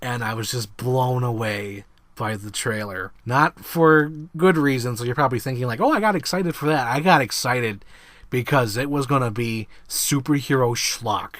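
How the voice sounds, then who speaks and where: A man hosting his own vlog, reviewing a film in a casual, excitable monologue, swearing freely and acting out scenes. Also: mid-range voice, moderate pace, dry recording. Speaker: movie reviewer, host.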